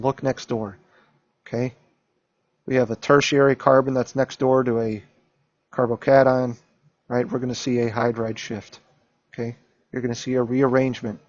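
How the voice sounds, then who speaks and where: In a dry recording, a man with a medium-pitched voice teaches chemistry, reviewing an exam in lecture form. He repeats key points and keeps asking "okay?" and "right?" to check that students follow.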